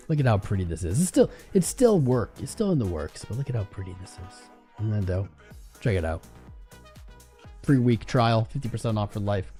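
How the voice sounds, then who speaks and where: A man's voice: lowish voice, dark tone. A man hosting a casual crypto trading livestream, laid-back and greeting viewers in chat by name.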